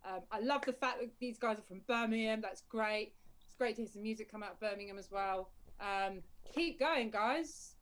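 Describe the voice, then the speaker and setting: A woman's voice: mid-range voice, normal speed. A woman, a guest on a radio music panel, sharing her opinion in an enthusiastic, rambling way. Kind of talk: casual panel chat.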